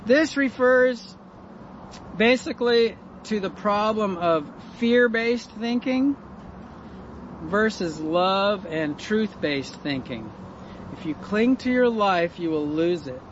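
Man, high voice, informal Bible teacher, chatty, rhetorical questions, faint traffic noise. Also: lively intonation, slow, highs cut off. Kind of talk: informal Bible study talk.

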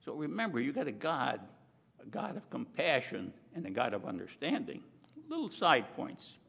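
A man preaching a sermon in a chatty, emphatic way, full of asides and slowed-down stressed words. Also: mid-range voice, sing-song, creaky, fairly bright tone, slightly rough. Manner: conversational preaching with frequent asides. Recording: long hall reverb.

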